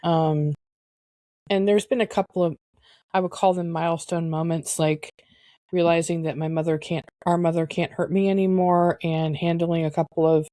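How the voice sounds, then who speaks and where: A woman co-hosting a podcast, talking candidly and reflectively, pausing often to search for words. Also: on the low side, dark tone, dry recording. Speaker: podcast co-host. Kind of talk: candid personal conversation.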